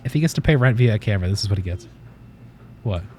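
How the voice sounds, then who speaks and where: A man's voice: fairly low pitch, expressive, fast talker, a little mellow, a little hiss or hum. A man hosting a casual livestream from his desk at home, rambling, swearing offhandedly and cooing at his cat. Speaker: livestream host.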